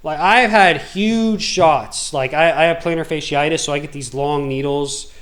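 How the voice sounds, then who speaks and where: A man's voice: on the high side, normal speed, fairly bright tone. Rambling, slangy man telling a story. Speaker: gaming video host. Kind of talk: casual storytelling while gaming.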